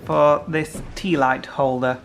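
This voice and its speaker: A man co-hosting a home vlog in casual chat, excitable and teasing, quick to laugh. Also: fairly high pitch, vocal fry, soft background music. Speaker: vlogger, co-host.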